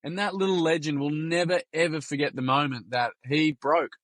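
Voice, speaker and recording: A man's voice: a little high, moderate pace, dry recording. An Australian man who founded a youth workshop group, telling stories in casual chat, slangy and acting out quotes. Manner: animated, slangy, acts out quotes.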